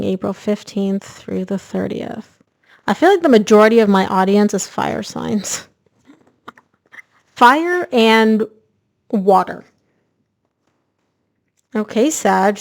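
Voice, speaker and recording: A woman giving a casual, energetic tarot reading, chatting directly to her viewers. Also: medium pitch, vocal fry. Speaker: tarot reader.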